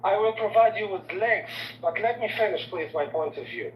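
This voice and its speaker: A man's voice: sits high, normal speed, a little hiss or hum. A man who is not an English speaker argues insistently as a caller in a heated debate. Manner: insistent, swears, later apologetic and quieter. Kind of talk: heated debate on a call-in show. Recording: distant, roomy, dull lo-fi line.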